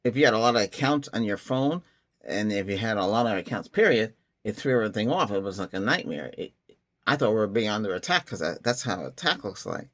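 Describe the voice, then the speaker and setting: Husky-voiced rambling tech vlogger man. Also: on the low side, expressive, quick pace, fairly bright tone. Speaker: tech channel host. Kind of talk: casual rambling vlog talk.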